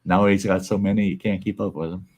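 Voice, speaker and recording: A man's voice: sits low, flat delivery, fast talker, darkish tone, slightly rough. A man in his sixties hosting a casual video chat, telling jokes and laughing between them. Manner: laughs between stories, tells drunk jokes. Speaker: show host.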